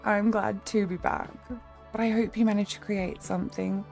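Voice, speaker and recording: A woman's voice: medium pitch, level tone, normal speed, gravelly, darkish tone, soft background music. A young woman streamer in a casual live-stream chat, rambling along and thanking her viewers by name.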